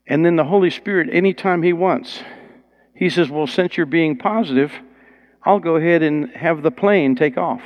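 A man's voice: a little high, normal speed, dull audio. A man preaching a sermon in a conversational, storytelling way. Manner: conversational, rising to excited storytelling.

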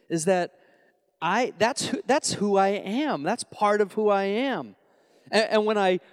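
Preaching man from New York in a reverberant hall. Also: sits high. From New York, Long Island. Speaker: pastor. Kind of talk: sermon. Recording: long reverb of a large hall.

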